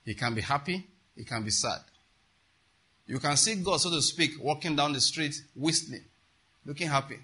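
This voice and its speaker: A man delivers an emphatic sermon, often checking whether his listeners are following. His voice sits a little high and sounds very bright and cutting. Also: moderate pace, long pauses, husky. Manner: emphatic, asks the congregation questions. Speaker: preacher.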